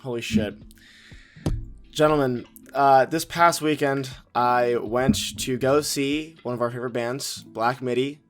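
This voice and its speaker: A man's voice: mid-range voice, steady tone, unhurried, soft background music. A young man co-hosting a casual podcast, recounting a concert in a laid-back way with lots of ums and uhs. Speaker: podcast co-host.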